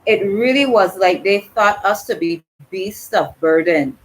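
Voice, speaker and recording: A woman's voice: medium pitch, lively intonation, a little hiss or hum, close to an everyday voice, rough recording. A woman reading as a grieving Crucian woman. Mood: earnest. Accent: Virgin Islands Crucian. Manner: slow, earnest, emotional. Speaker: reader voicing a dialogue character. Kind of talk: dramatic reading of a dialogue.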